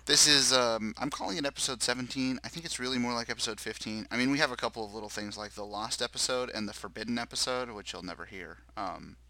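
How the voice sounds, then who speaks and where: A man's voice: medium pitch, fast, hardly any pauses, pushed and bright, rough recording. A man hosting a podcast in casual banter, joking and self-deprecating as he rambles through his week. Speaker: podcast host.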